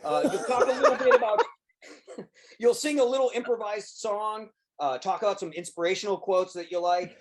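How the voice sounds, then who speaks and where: A man on a comedy podcast talking through a joke bit, halting over his words and laughing between them. His pitch swings around a lot, rising and falling as he goes. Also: lively intonation, noisy background. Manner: halting, full of uh's and laughs. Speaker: podcast co-host. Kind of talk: casual comedic chat.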